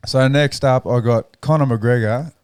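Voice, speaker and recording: A man's voice: mid-range voice, a little slow, a little mellow, clean tone, dry recording, clean studio sound. A man hosting a podcast, chatting casually with crude, profane banter. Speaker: podcast host. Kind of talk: casual chat.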